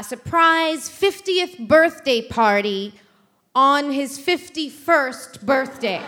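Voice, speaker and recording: A woman's voice: high voice, bright, forceful tone. A woman host telling a brash, profane comic story on a theater stage before a live audience.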